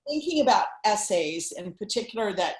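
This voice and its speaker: A woman's voice: mid-range voice, expressive. Woman moderator in an echoey room. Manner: friendly and measured, with frequent "um"s. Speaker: program moderator relaying teachers' questions. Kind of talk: moderating an online Q&A. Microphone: video call. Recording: echoey room on a video call.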